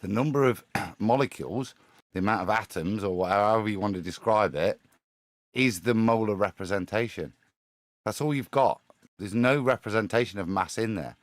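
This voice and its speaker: A man's voice: fairly low pitch, normal speed, no echo, clean studio sound. A man in a live stream discussion, reasoning aloud through questions and stumbling restarts.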